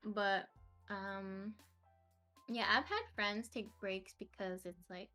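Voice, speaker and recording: A woman's voice: mid-range voice, fairly even intonation, takes it slowly, sharp tone, soft background music. A young woman streamer chatting casually as a podcast guest, laughing often. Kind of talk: casual interview chat.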